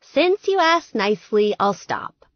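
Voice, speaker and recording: A woman's voice: sing-song, unhurried, no echo, lo-fi sound. A woman doing a bubbly klutzy young nerd. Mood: playful, loud. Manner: bubbly, loud and high, hamming up a fake British accent.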